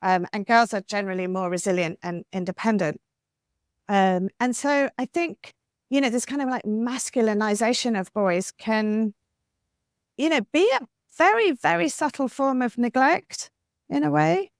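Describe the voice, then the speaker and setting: A woman author being interviewed on a podcast, talking in an animated, talkative way with lots of "like" and "you know.". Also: fairly high pitch, moderate pace, dry recording, studio quality. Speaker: author guest.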